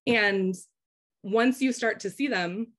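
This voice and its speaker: A woman walks her audience through a webinar presentation. Her voice is wearing thin and turning hoarse, and her pitch sits in the middle range. She talks conversationally and keeps checking in with her listeners. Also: slow pace, a bit bright. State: losing her voice. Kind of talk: slide-based webinar presentation.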